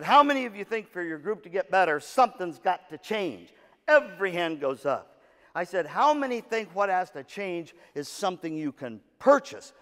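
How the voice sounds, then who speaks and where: A man giving a motivational talk to music directors, telling a story and acting out the voices in it, with jokes to the audience. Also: high-pitched. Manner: animated storyteller, acts out quotes, jokes with audience. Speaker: keynote speaker at music educators' session. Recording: long hall reverb.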